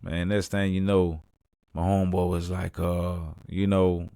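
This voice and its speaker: With a smooth voice, little pitch movement and a measured pace, a young man hosts a podcast and tells a story casually. Laid-back, he says "man" all the time and turns loud and high when acting scenes out, captured in a dry, studio-quality recording.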